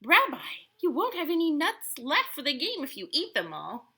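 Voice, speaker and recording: A woman's voice: sits high, wildly swooping pitch, normal speed, pitched above the performer's own voice, heavily acted. A woman voicing a kindly, oblivious old grandmother who chats cheerfully to her guest in a storybook reading. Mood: gently scolding. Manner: chatty, warm-hearted, talking to her guest.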